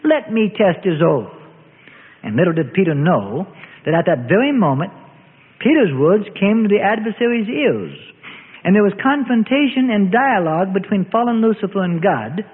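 A man tells a Bible story in a solemn, old-fashioned storytelling voice. His voice sits high and moves a lot, with a husky edge. It comes through thin and phone-like, with a long reverb. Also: very animated, normal speed. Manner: solemn storytelling with archaic phrasing. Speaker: narrator. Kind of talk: dramatic scripted Bible story narration.

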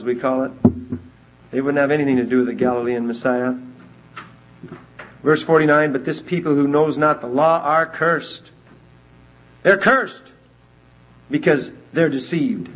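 Male Bible teacher, mid pitch, emphatic, animated delivery, dull lo-fi recording. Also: moderate pace. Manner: emphatic, animated, reads scripture aloud in King James wording.

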